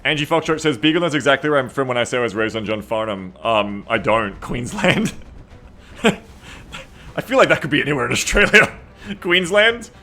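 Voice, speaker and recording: His medium-pitched voice swings widely in pitch and sounds pushed and bright, moving at a normal speed over soft music. The man is streaming a strategy game, laughing often as he casually chats and reads out viewers' messages in a teasing, playful way.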